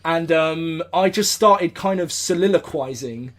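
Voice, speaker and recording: English male podcast host, high voice, rambling, sweary, breaks into mock-epic shouts. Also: a little slow. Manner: rambling storyteller, swearing, bursts into shouted speeches. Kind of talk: casual live podcast chat. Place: indoors, recording live.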